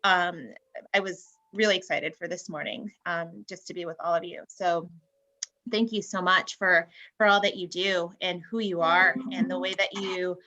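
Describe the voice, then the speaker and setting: Heartfelt woman, bright tense voice. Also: fairly low pitch, steady tone, dull audio. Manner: heartfelt, effusive, halting with restarts. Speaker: realtor panelist. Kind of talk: panel discussion.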